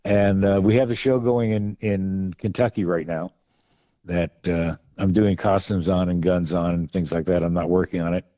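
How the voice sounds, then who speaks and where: Male podcast guest, low warm voice, wry anecdotal rambler, lo-fi remote audio. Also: flat delivery, normal speed, no echo. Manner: rambling, wry, many restarts and fillers. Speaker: podcast guest, film costume and gun expert. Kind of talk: casual anecdotal storytelling.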